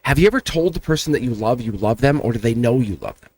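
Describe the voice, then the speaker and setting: A tarot reader hosting his own channel gives viewers an earnest, emotional spiritual pep talk, near tears and repeating himself. His mid-range voice is darkish, with lively intonation, fast delivery and no room sound.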